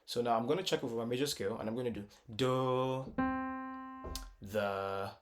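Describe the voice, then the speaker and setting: A man's voice: mid-range voice, moderate pace. A man teaching a casual music lesson, thinking aloud, repeating words and singing short solfa syllables to test notes. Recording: guitar music clearly under the voice.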